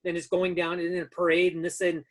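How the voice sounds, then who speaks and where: A man's voice: high-pitched, monotone, a little fast. A man in his fifties telling stories as a guest in an interview, rambling through anecdotes with many restarts. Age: 50s. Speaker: guest, stunt rigger. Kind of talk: casual storytelling.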